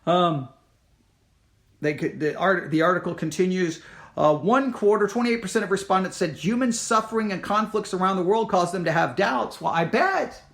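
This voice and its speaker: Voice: medium pitch, moderate pace, fairly bright tone. Impassioned Christian commentator reading the news. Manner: impassioned, emphatic, with frequent restarts and acted quotes.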